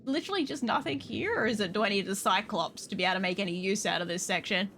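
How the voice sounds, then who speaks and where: A woman's voice: mid-range voice, fast talker, hardly any pauses, fairly bright tone, a little hiss or hum. A woman casually commenting on her gameplay, swearing often with playful exasperation. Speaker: game streamer.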